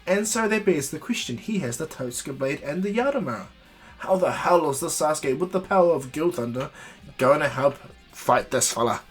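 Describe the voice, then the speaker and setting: A man's voice: a little high, expressive, normal speed, slightly rough, soft background music. A man casually telling an improvised fan story, rambling, restarting often and adding asides.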